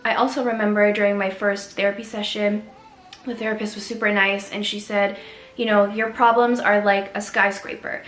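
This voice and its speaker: A young woman from Canada, vlogging to camera and telling her own story in an earnest, candid way with soft pauses. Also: mid-range voice, flat delivery. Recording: echoey room with faint music.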